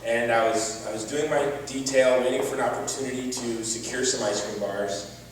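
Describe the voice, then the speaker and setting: A man's voice: mid-range voice, steady tone, moderate pace, a little hiss or hum. A man giving an earnest personal testimony as a gala speaker, with touches of wry humor. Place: large event hall. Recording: distant echoey hall recording.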